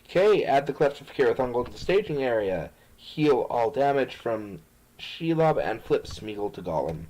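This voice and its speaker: Man calmly narrating his card game moves. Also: medium pitch, moderate pace, rough recording. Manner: relaxed, explains game moves aloud. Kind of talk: casual chat over a card game.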